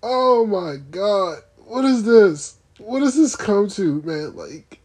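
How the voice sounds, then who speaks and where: A man co-hosting a casual sports podcast, who laughs often and exclaims loudly. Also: high voice, expressive, takes it slowly, breathy edge, no echo. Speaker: podcast co-host.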